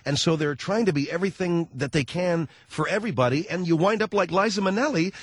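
A man's voice: high voice, fast talker, slightly rough, dry recording. A man hosting talk radio, rambling through a sardonic, self-mocking comic monologue into a studio microphone. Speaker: radio talk show host.

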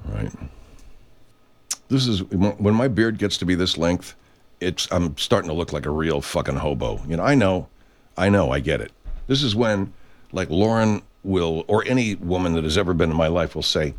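A man's voice: low-pitched, animated, normal speed. A man hosting a radio show in casual chat, rambling, restarting sentences and swearing freely. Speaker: host.

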